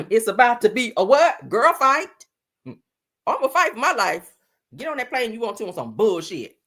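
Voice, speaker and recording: A woman's voice: fairly high pitch, very animated, moderate pace, fairly bright tone. A woman from the US giving blunt, profane, sassy live-stream commentary, full of emphatic repeats.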